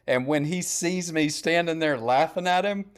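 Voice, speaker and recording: A man's voice: on the high side, normal speed, crowd noise. Blunt middle-aged man telling stories. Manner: animated storyteller, blunt and profane. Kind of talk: casual storytelling chat.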